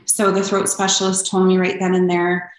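A woman's voice: on the low side, monotone, normal speed. A young woman telling her personal story as an interview guest, earnest and open, with frequent ums. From Canada. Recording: echoey room.

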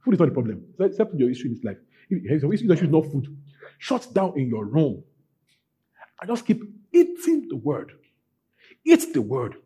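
A man preaching a sermon as pastor, emphatic, repeating his phrases and climbing to loud peaks. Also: on the high side, breathy edge.

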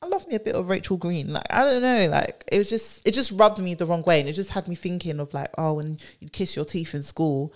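A woman's voice: lowish voice, fairly quick, hardly any pauses. A woman with a London accent, co-hosting a podcast in casual, chatty talk full of "like". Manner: chatty, peppered with "like". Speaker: podcast co-host. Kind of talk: casual chat.

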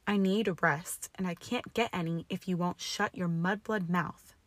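A woman's voice: lowish voice, steady tone, unhurried, dry recording. A woman voicing a tall, arrogant young man who sneers and growls his lines. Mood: sneering. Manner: growling, snarling.

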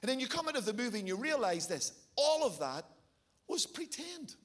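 A middle-aged Irish man preaching a sermon, telling stories with animated, sometimes shouted bursts. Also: sits high, fast talker. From Ireland. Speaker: pastor.

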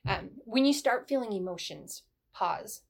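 A middle-aged woman, formerly a military sergeant, speaks with a creaky, mid-range voice at a measured pace. Giving advice in a conversational interview, she's an animated storyteller who acts out snippets of dialogue in a brighter voice.

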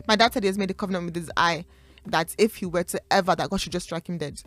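A young woman co-hosting a casual chat, talking in an animated, preachy way and laughing often. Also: fairly low pitch, quick pace, no room sound. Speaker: podcast co-host.

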